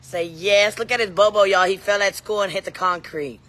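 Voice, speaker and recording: A woman's voice: mid-range voice, fairly even intonation, normal speed, a bit bright, slight background noise. A middle-aged woman, chatting casually to live-stream viewers and her kids outdoors on a phone. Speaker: vlogger and mom. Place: outdoors at a scenic waterfall spot.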